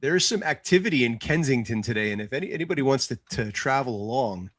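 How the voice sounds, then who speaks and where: A man's voice: mid-range voice, animated, fast talker, a bit bright. A man hosting a casual podcast chat, talking in chatty bursts with frequent stammering restarts. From United States. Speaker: host.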